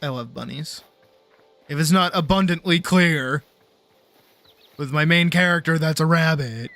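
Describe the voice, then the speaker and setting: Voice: medium pitch, unhurried, fairly bright tone, dry recording, faint music behind. A young adult game streamer chatting casually and swearing freely while playing. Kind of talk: casual gameplay commentary.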